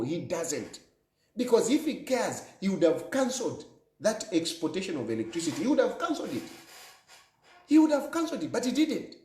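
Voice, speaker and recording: A man's voice: high voice, a little mellow, roomy sound. A Zambian man delivering an emphatic political monologue, repeating phrases for effect in an accusing tone. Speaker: political commentator.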